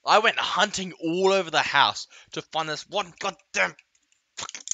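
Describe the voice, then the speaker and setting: A man's voice: sits high, a little slow, pushed and bright, slight background noise. A man ranting comically in a vlog, with exaggerated outbursts and yelps, recorded close and dry. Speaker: vlogger. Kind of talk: comedic rant vlog.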